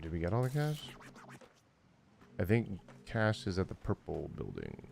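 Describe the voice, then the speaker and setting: Man, 40s, game streamer, tired, lowish voice, loose rambling chat. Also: huge pitch swings, moderate pace, gravelly, darkish tone, slight background noise. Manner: rambling, many fillers, chuckling often. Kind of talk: casual gaming livestream chat.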